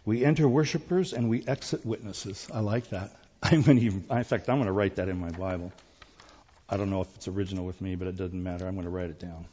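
A middle-aged man preaching with a husky voice, pressing hard on repeated key words, then dropping low. His sound is dull and lo-fi, carried by the long reverb of a church hall. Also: quick pace. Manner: emphatic, repeats key words, swings between loud and quiet. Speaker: pastor. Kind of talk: sermon.

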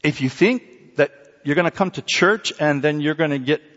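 A middle-aged man preaching a sermon, swinging between loud exclamations and hushed near-whispers, with joking asides. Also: a little high, moderate pace, in a large hall, muffled recording.

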